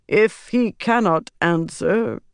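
Brief: solemn prophet-like man, slow deliberate delivery, dry close sound, voiced by an audiobook reader. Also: mid-range voice, expressive, darkish tone, no room sound, pitched above the performer's own voice.

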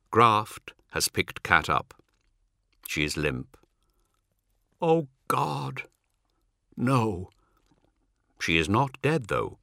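A man reading a novel aloud as narrator, measured and dramatic. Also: low-pitched, sharp tone, dry recording, studio quality. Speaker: audiobook narrator. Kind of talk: scripted narration.

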